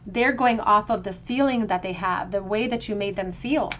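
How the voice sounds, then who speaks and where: A woman's voice: mid-range voice, normal speed, fairly bright tone, muffled recording, a little hiss or hum. Woman giving a flowing tarot reading. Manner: flowing, reflective, spiritual phrasing with frequent restarts. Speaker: tarot reader. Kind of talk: tarot card reading monologue.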